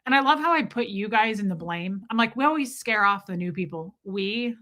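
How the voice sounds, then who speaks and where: Bright, chatty woman streamer. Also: mid-range voice, lively intonation, a little fast. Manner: chatty, self-mocking, laughs often, greets viewers by name. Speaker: live stream host. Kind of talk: casual live chat reading viewer comments.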